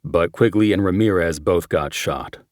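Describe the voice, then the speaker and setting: A man voicing a calm male sheriff's deputy in an audiobook, speaking in short, measured lines. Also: low-pitched, dry recording, studio quality, natural voice. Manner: terse, measured.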